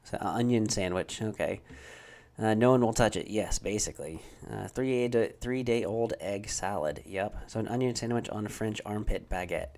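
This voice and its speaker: A young man hosting a live stream, chatting casually and answering viewers' questions in a relaxed, rambling way with many fillers. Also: lowish voice, moderate pace. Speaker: livestream host answering chat questions. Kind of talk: casual live chat about a tabletop wargame.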